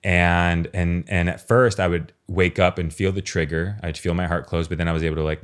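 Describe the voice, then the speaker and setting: Deep-voiced man talking earnestly. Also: brisk, few pauses. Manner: earnest, expressive, swears casually. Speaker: guest. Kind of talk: casual conversation.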